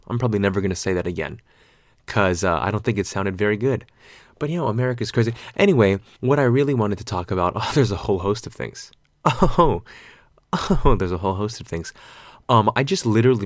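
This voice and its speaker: A man's voice: lowish voice, dry recording, studio quality. A man in his twenties hosting his own podcast alone, rambling and joking, with casual swearing. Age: 20s. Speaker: podcast host. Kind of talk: solo podcast chat.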